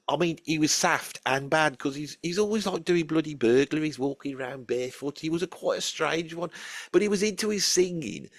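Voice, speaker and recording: A man's voice: fairly high pitch, gravelly, no echo, studio quality. A man with a Birmingham accent telling a grumpy, rambling comic story with casual swearing. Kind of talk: comic character monologue.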